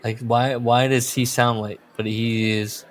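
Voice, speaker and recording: A man's voice: mid-range voice, flat delivery, unhurried. A man with a plain Midwestern accent chats loosely as a podcast host. He circles around his questions, stops mid-thought and laughs between remarks. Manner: rambling, restarts thoughts, laughs often. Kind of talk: casual chat.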